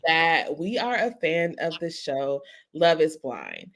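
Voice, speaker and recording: A woman, co-hosting a podcast in a lively, laugh-filled storytelling way. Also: low-pitched, slow. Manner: animated storytelling, laughs often. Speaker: podcast co-host. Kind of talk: casual chat.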